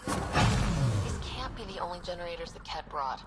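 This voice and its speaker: Brisk, lowish-voiced young woman expedition leader in a game. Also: sing-song, loud music behind the voice. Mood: determined. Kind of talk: video game dialogue.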